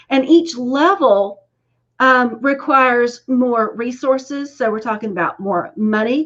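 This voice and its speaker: A woman with a Southern drawl lays out her ideas slowly and calmly over a video call. Her voice is fairly high, and the call audio sounds dull and lo-fi. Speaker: guest speaker on fundraising.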